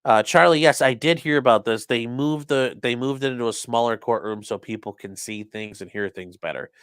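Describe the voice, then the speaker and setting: A man's voice: medium pitch, a little fast, a bit bright, clean tone, no room sound. A man who has worked as a defense attorney, talking loosely about a trial in casual live-stream commentary, swearing and acting out courtroom exchanges. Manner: loose and profane, acts out courtroom quotes.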